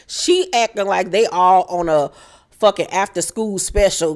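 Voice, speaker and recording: Sassy, profane woman recapping a show. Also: measured pace. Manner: animated, profane, sassy, shouting high mock rants. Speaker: reality TV recap host. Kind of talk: casual recap commentary.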